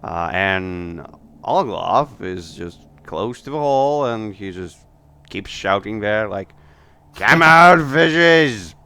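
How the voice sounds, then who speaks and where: Game master: man, slow unhurried narration, bright tone, laid-back. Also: sits low, lively intonation, clear, resonant tone.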